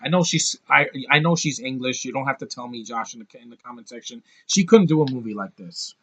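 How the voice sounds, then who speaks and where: A man's voice: mid-range voice, a little fast, a bit bright, slightly rough, dull audio. A man giving a casual movie review vlog, ranting bluntly, swearing freely and often restarting his sentences.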